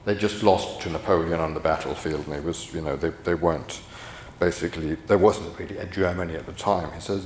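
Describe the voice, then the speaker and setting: A man's voice: low voice, steady tone, brisk, a little mellow, a little hiss or hum. A middle-aged man giving a rambling conference lecture, full of restarts and fillers. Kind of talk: conference talk. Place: conference hall. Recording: echoey hall from afar.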